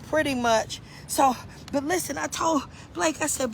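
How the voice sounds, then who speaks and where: High-pitched, animated woman host outdoors. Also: normal speed, vocal fry, slight background noise. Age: middle-aged. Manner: animated, greets viewers by name, preacherly repetition. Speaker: live-stream host. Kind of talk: casual live-stream chat while gardening. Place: outdoors in a garden.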